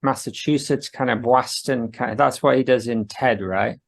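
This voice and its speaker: Male podcast co-host, gravelly mid-pitched voice, playful scene narration. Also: moderate pace. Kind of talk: casual chat, reading a scene aloud.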